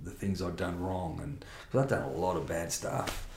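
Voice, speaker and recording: A man's voice: low voice, fairly even intonation, moderate pace, gravelly, darkish tone, reverberant, a little hiss or hum. A middle-aged man telling a candid personal testimony in conversation, blunt and rambling with restarts and mild swearing. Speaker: interview guest.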